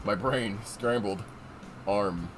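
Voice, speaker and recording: A man's voice: on the low side, takes it slowly, over music. A man playing a story game with a friend, joking, swearing and putting on character voices. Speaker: game player voicing characters. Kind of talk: casual game voice-acting playthrough.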